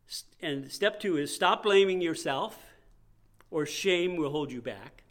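A man's voice: fairly high pitch, animated, unhurried, fairly bright tone. A male pastor preaching a sermon in a conversational way, acting out the voices he quotes.

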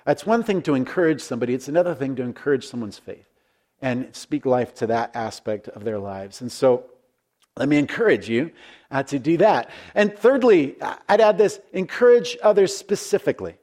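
A man's voice: mid-range voice, animated, moderate pace, darkish tone. A man preaching a conversational sermon as a pastor, telling stories in an earnest, folksy way with frequent restarts.

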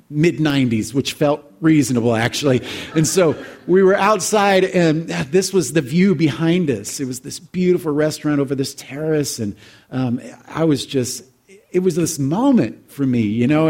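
A man's voice: on the high side, a little mellow. A man in his forties telling a heartfelt personal story to an audience in a reflective, conversational way. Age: 40s. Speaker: speaker addressing an audience.

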